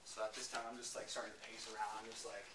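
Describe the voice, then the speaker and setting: A man's voice: fairly low pitch, flat delivery, fast talker. A young man, a student preacher, telling a first-person narrative sermon in a casual, filler-heavy way in a classroom, recorded by a distant camera. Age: young adult. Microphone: far camera. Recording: roomy classroom from far off, noisy.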